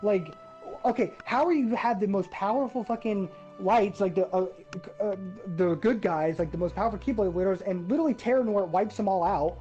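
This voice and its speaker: A woman's voice: mid-range voice, a little fast, lo-fi sound, soft background music. A woman ranting about a game in casual chat, swearing freely and getting worked up. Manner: profane, ranting, animated. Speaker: gaming podcast host.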